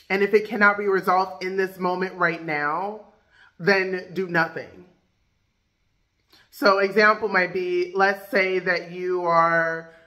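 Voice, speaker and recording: A woman's voice: on the low side, a bit bright. A woman life coach giving casual, chatty advice with lots of fillers. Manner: loose, filler-heavy, chatty.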